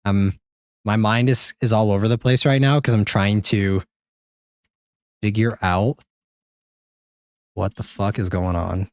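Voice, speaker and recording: A man streaming a game live, rambling and joking with chat, swearing now and then, with sudden high-pitched exclamations. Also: steady tone, a little slow, long pauses, darkish tone, clear, resonant tone, no room sound, clean studio sound. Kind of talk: live gameplay commentary.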